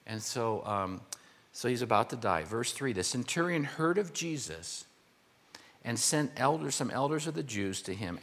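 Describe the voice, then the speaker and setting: A man's voice: mid-range voice, a bit bright, long reverb tail. An older man preaching a conversational, verse-by-verse sermon, explaining word meanings with informal asides to his congregation. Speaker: pastor.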